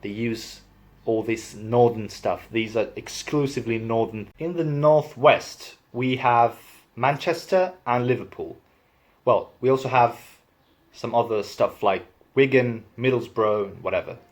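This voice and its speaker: A man's voice: medium pitch, unhurried. A man in a casual vlog explaining regional accents, playful and self-deprecating with many hesitations. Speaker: video maker.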